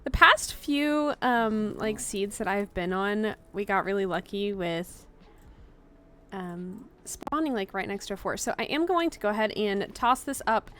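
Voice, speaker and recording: A young woman hosting a let's play video game commentary, chatty and excitable, breaking into panicked yelps. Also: medium pitch, unhurried. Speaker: gaming channel host.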